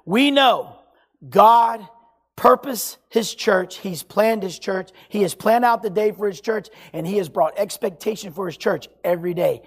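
A preacher delivering an emphatic sermon, swinging between loud exhortation and hushed, quiet passages. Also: medium pitch, measured pace, husky.

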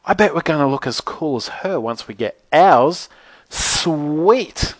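A man voicing an eager, bubbly teenage girl who talks excitedly. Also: a little high, slow, no echo, pitched above the performer's own voice. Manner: excited, gushing.

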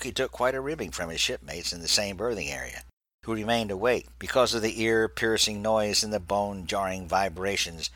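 Deep, bright-toned male narrator. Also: husky, no echo, rough recording. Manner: steady, measured storytelling. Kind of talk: audiobook reading of a naval story.

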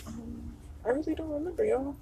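A podcast host chatting casually on their own, in a loose, profane and expressive way with lots of fillers and asides. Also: sits high, a little fast, dry recording, poor audio. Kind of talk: casual solo podcast chat.

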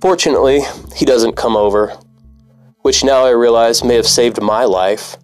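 A man's voice: mid-range voice, moderate pace, a little mellow, clean tone, soft background music. A man, a former cab driver, narrating a personal story in a bitter, profane, wry manner.

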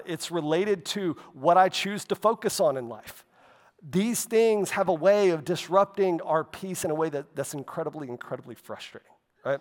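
A man preaching a sermon in a loose, conversational way, with frequent asides and "right?" and "okay?" tag questions. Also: a little high. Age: adult, walked with faith over half his life. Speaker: pastor. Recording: long hall reverb.

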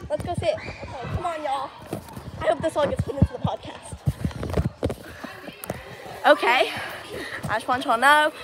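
A woman's voice: high voice, moderate pace, long pauses, background noise. A woman co-hosting a casual podcast while walking outdoors on a street, joking in a playful, over-dramatic way. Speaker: podcast co-host.

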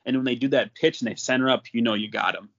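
A man's voice: medium pitch, fairly even intonation, fast. A young man from North Dakota, a podcast guest, telling a story casually and laughing often. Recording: slightly muffled lo-fi audio.

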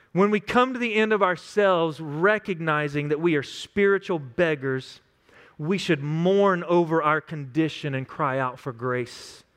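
A man's voice: on the high side, a bit bright, clear, resonant tone. A man in his thirties preaching a sermon as a pastor, earnest and acting out little quoted scenes.

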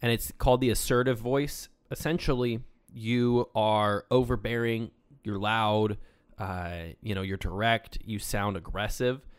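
A man co-hosting a casual podcast, explaining sales and negotiation ideas with lively inflection. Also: lowish voice, measured pace, clean tone, dry recording. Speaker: podcast co-host.

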